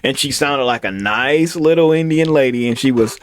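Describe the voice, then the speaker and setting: A young man co-hosting a casual comedy podcast, teasing his partner and chiming in with quick agreement. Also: medium pitch, no echo. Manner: teasing, quick back-channel "right, right". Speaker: podcast co-host.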